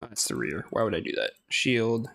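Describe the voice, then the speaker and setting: A man's voice: fairly low pitch, very animated, moderate pace, creaky, fairly bright tone, no room sound. A man casually talking through a game, hesitant and rambling, laughing often and swearing now and then. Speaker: gaming streamer. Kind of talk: casual gameplay commentary.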